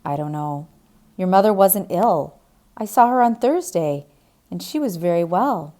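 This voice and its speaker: Woman doing a calm middle-aged male doctor, low, measured, grave.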